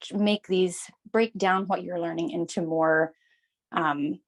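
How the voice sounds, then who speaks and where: A woman's voice: fairly low pitch, fairly even intonation, a little slow, a little hiss or hum. A woman taking part in an online course, thinking aloud about how she learns, with hesitant restarts. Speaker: course participant. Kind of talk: reflective casual talk.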